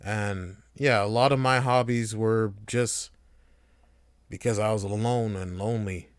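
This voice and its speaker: A man's voice: lowish voice, steady tone, a little slow, clear, resonant tone, no echo. A young man hosting a casual solo podcast, loose and rambling, swearing freely. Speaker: podcast host.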